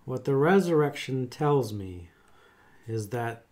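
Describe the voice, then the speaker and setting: A middle-aged man who works as a chaplain, talking in a thoughtful, halting way with many pauses and fillers. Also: medium pitch, expressive, darkish tone. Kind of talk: casual conversation.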